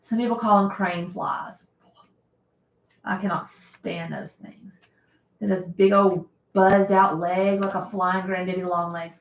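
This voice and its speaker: A woman's voice: fairly low pitch, steady tone, unhurried, dull audio. A woman hosting a casual live stream, chatting and laughing often as she answers viewer comments. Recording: roomy echo.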